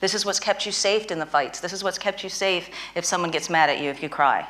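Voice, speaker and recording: A woman's voice: on the low side, fairly quick, a bit bright. A woman interviewing a guest and teaching a tapping technique, emphatic and prone to repeating phrases for stress. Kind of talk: instructional conversation.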